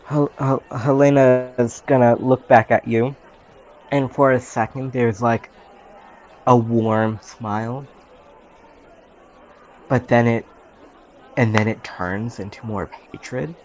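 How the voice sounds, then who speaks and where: A man narrates a tabletop game slowly and hesitantly in a mid-range voice. His mic sounds dull and lo-fi, with a faint crowd murmur behind him. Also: mid-range voice, fairly even intonation, a little mellow. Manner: hesitant, unhurried.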